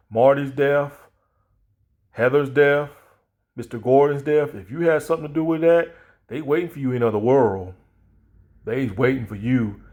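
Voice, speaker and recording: A man rambles bluntly in a casual commentary vlog, circling back over the same points. He is mocking in tone and laughs at his own jokes. His voice sits at an average pitch for a man. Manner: blunt, rambling, repeats himself.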